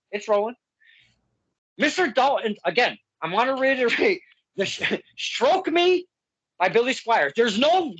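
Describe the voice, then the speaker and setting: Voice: medium pitch, a bit bright, breathy edge, dry recording, low-quality recording. A podcast host conducting a casual interview, talking animatedly and often laughing mid-sentence.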